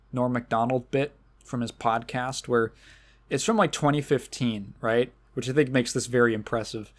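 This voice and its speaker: A male podcast host chatting casually and rambling through tangents. He swears freely, laughs often and acts out quoted conversations. His voice sits at an average pitch.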